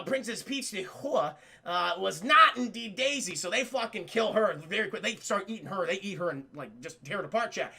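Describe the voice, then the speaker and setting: A young man excitedly recapping a film for his live chat, swearing freely and acting out the characters' lines. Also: sits high, vocal fry. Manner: profane, animated, acts out characters' lines. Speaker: streamer reviewing a film.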